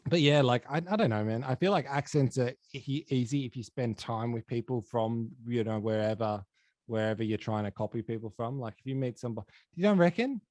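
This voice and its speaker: A young man with an Australian accent hosts a podcast in a loose, rambling way, swearing freely. His voice sits in a middle pitch, recorded dry and close. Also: a little fast, darkish tone, no room sound. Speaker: podcast host. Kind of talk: casual podcast chat.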